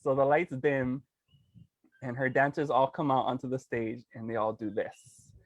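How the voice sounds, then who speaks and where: A man, a guest telling a story in an animated way, laughing often and acting out quotes. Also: mid-range voice, normal speed, no room sound, muffled recording.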